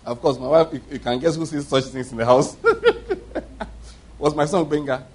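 A man's voice: on the high side, steady tone, fast, breathy edge. A middle-aged man preaching a sermon, telling stories with emphatic repetition. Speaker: pastor.

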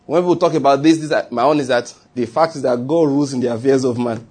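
A man's voice: mid-range voice, fast, a little mellow, breathy edge. A middle-aged male pastor preaching a sermon, emphatic and repeating his key phrases.

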